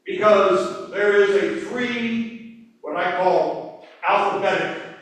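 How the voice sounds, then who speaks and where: A male pastor with a fairly high voice preaches in a slow, conversational storytelling manner. His sermon rings through an echoey church sanctuary, picked up from some distance. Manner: conversational, quotes dialogue in a softer voice. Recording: echoey church hall, mic far off.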